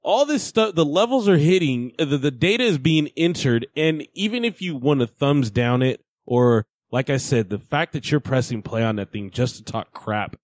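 A man's voice: mid-range voice, expressive, moderate pace, few pauses, dry recording. A man co-hosting a fan podcast in casual chat, amused and incredulous, talking in loose bursts full of "like". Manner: amused, incredulous, many "like" fillers. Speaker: podcast co-host.

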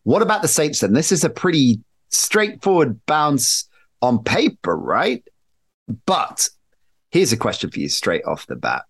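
A man's voice: mid-range voice, wildly swooping pitch, measured pace, breathy edge. A man hosting a casual sports podcast, interjecting with playful, teasing banter. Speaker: podcast host.

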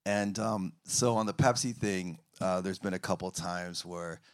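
A man on a fan panel telling a rambling, animated story with loud acted outbursts. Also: sits low, a little slow, clear, resonant tone. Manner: animated, swings into loud shouting impressions. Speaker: band member on a fan panel.

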